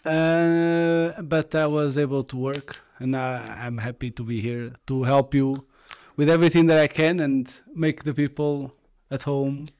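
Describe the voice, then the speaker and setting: Young male co-guest, smooth and slightly high voice, easygoing chat with frequent restarts. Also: level tone, measured pace, a little mellow. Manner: easygoing, repeats himself while searching for words. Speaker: graphic designer and videographer. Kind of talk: casual livestream chat.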